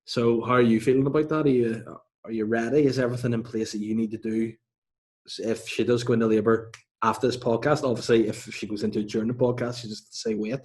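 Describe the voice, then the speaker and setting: A man's voice: medium pitch, steady tone, fast talker, a little mellow. A man in his thirties hosting a podcast, telling rambling, self-mocking stories in casual chat. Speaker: podcast host.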